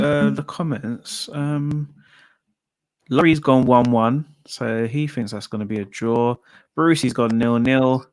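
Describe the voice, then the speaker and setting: A man's voice: mid-range voice, slow, clean tone, no echo. A man hosting a casual football chat, chatty and laughing as he reads out viewers' predictions. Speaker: football podcast host.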